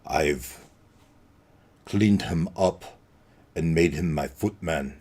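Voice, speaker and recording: A man voicing a cold, menacing male vampire lord who speaks in a slow, formal way. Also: a little mellow, heavily acted. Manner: low, slow, deliberate menace.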